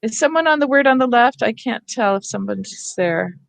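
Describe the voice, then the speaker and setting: A woman's voice: a little high, lively intonation, normal speed, gravelly, no echo. A woman leads teachers through a reading workshop over a video call, explaining patiently step by step.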